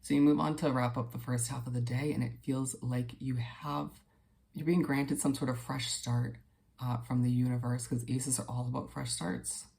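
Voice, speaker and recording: A man giving a casual daily tarot reading to viewers, gentle and reassuring, unhurried and dotted with fillers. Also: medium pitch, little pitch movement, gravelly. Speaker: tarot reader.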